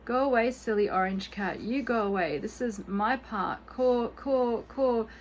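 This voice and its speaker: A woman's voice: a little high, measured pace, slight background noise, close to an everyday voice. A woman voicing a big, proud, bossy male peacock in a children's storybook, squawking and chasing off a cat. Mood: territorial. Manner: squawking, territorial.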